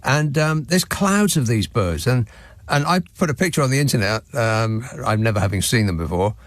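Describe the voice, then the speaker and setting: A man hosting a radio phone-in, chatting with callers in a dry, sarcastic, deadpan way. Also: mid-range voice, moderate pace, no room sound. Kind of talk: late-night radio phone-in chat. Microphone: studio microphone.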